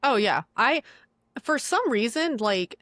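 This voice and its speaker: A woman's voice: fairly high pitch, very animated, slow pace, a bit bright, no echo. A young woman co-hosting a podcast, recapping a film in casual chat, acting out the characters' lines and swearing freely. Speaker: podcast co-host.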